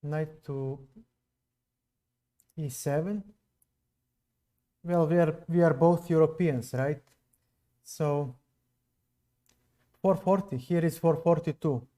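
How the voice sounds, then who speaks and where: A man's voice: on the high side, takes it slowly, long pauses, mellow. A man from Serbia with a non-native English accent, streaming chess live and musing to viewers between moves. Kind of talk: live stream commentary while playing.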